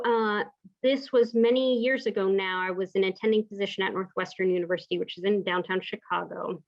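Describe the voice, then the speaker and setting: A woman physician recounting a clinical case from her work, pausing often with ums and uhs. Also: mid-range voice. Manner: halting, many ums and uhs. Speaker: physician educator. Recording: dull lo-fi recording.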